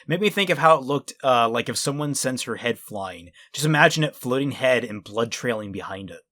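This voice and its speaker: Man, mid pitch, easygoing, reading questions, casual talk, dry mic. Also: lively intonation, brisk, pushed and bright, dry recording. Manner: easygoing, reads questions aloud. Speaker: host reading viewer questions. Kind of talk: casual group chat.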